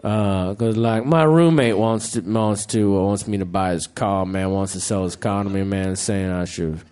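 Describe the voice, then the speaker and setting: A man voicing a deep-voiced, crude male stand-up comic who drawls and mumbles profanely. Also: moderate pace, darkish tone, smooth, natural voice. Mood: weary grumbling.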